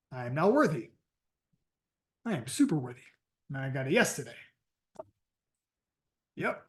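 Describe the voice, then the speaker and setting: Casting: man, sales coach, emphatic storyteller, voice sitting a bit high. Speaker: sales and network marketing coach. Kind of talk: motivational training talk.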